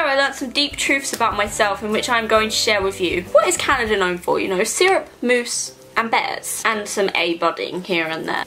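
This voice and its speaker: A woman's voice: mid-range voice, a bit bright. A young woman vlogging to camera in a playful, rambling, self-mocking way. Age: young adult. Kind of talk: casual comedic vlog monologue.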